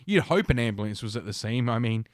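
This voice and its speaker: A man hosting a podcast, reading news aloud with sarcastic asides, halting and full of filler sounds. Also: medium pitch, expressive, no echo, studio quality. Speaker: podcast host.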